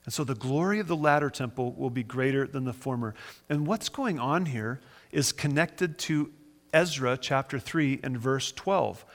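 A pastor teaches his congregation from the Bible with conversational enthusiasm, reading scripture, explaining it, and giving dramatic voices to the quotes. His voice sits on the high side, trailed by a long reverb.

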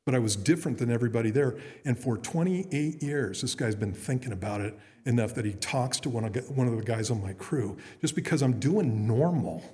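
A man's voice: medium pitch, animated, brisk, few pauses, dark tone. A middle-aged man, a pastor, preaching earnestly in a conversational way with frequent restarts. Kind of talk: sermon. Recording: long reverb in a hall.

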